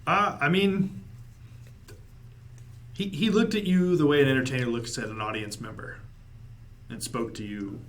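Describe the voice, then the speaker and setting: A man's voice: medium pitch, moderate pace, long pauses, a little hiss or hum. A man narrating and ruling as game master for a tabletop game, laughing often as he talks.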